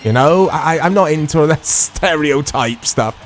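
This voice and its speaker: A middle-aged man chatting casually and excitably as he comments on a retro video game he is playing, rambling and laughing often. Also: fairly high pitch, measured pace, soft background music. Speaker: retro gaming YouTuber.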